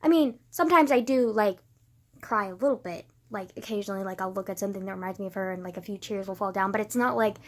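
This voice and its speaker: A grieving woman in a casual confessional vlog, rambling with many filler words and swinging from quiet, subdued talk to loud emotional bursts. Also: mid-range voice, fast. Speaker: vlogger.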